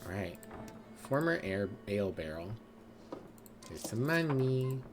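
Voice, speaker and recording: A man's voice: on the low side, sing-song, slow pace, music in the background. A man streaming a video game, reading its text aloud and slipping into character voices with playful asides.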